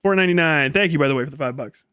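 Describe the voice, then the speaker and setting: A man in a relaxed livestream chat, cursing freely and breaking into laughs. His voice sits a little high for a man. The sound is dry and close, with little room around it. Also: racing, smooth, dry recording. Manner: laid-back, swears a lot, laughs often. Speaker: streamer.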